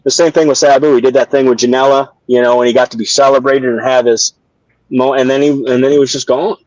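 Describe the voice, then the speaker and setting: A man's voice: medium pitch, fairly even intonation, quick pace, a little mellow, no room sound, rough recording. Older man telling a rambling story, dry sound. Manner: rambling, many restarts and fillers. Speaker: guest, former pro wrestler. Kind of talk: casual interview, storytelling.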